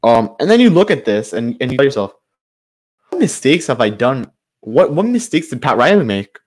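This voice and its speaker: A man's voice: mid-range voice, sing-song, moderate pace, darkish tone. Male sports channel host, mid-range voice, exasperated improvised fan rant. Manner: frustrated, ranting, loosely improvised with fillers. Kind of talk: solo sports commentary rant.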